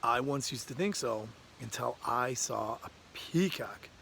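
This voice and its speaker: Man doing a colorful parrot, plain and modest, a little gravelly. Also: mid-range voice, animated, measured pace, a bit bright, slight background noise.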